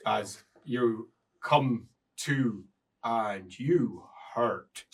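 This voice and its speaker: A man's voice: medium pitch, animated, takes it slowly, pauses often, fairly bright tone, far from the mic. A man narrating as game master in a tabletop role-playing game, playful and often laughing.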